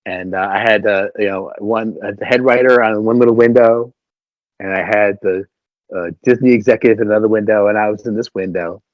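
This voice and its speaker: Puppeteer guy rambling away in an interview, animated, lots of uhs, kinda dull dry sound. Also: fairly low pitch, brisk, dry recording. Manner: animated, chatty, full of fillers. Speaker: puppeteer and voice actor guest. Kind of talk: casual interview storytelling. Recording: slightly dull, dry recording.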